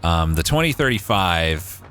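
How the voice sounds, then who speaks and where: A man's voice: low voice, sing-song, a little slow, fairly bright tone, clear, resonant tone, soft background music. A man chatting casually on a livestream, swearing freely and saying "like" a lot, recorded on a studio condenser mic at home.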